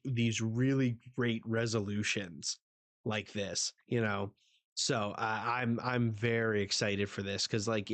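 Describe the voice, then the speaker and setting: A man hosting a casual live manga reaction, relaxed and hesitant, full of fillers and restarts. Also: mid-range voice, no echo. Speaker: host.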